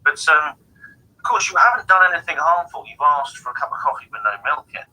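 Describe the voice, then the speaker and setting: Male host: sharp, husky voice, emphatic and opinionated. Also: a little high, lively intonation, a little fast, rough recording. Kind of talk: opinionated casual chat.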